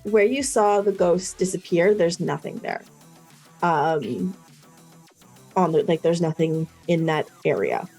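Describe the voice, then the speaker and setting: A woman running a tabletop game as game master, narrating scenes with frequent ums and pauses. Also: lowish voice, lively intonation, a little mellow, faint music behind. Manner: hesitant, many ums.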